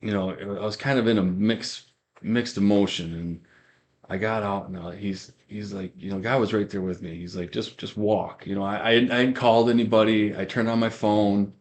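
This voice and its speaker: A man with a fairly low voice tells his story in a loose, rambling way. He circles back over the same words and acts out the lines of the people in his story. It sounds like casual spoken testimony rather than a prepared speech. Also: fairly even intonation, moderate pace. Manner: rambling storyteller who repeats himself and acts out quoted lines. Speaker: guest giving a faith testimony.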